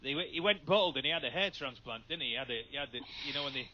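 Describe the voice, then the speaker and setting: A man's voice: medium pitch, lively intonation, rapid-fire, dull audio, a crowd in the background. A man bantering and telling jokes with a cheeky manner, laughing at his own punchlines. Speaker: guest joker. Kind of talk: comic banter, joke telling.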